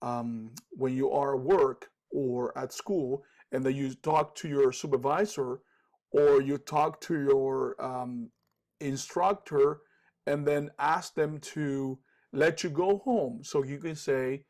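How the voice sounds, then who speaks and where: Cuban spanish-accented guy teaching english, kinda high voice, lots of okays and ums, repeats examples. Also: slow, darkish tone. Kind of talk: casual spoken lesson.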